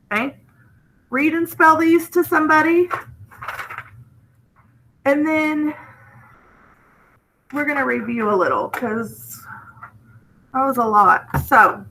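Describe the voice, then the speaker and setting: A woman's voice: sits high, bright, forceful tone. A woman teaching a phonics lesson, explaining step by step and checking in with "okay?".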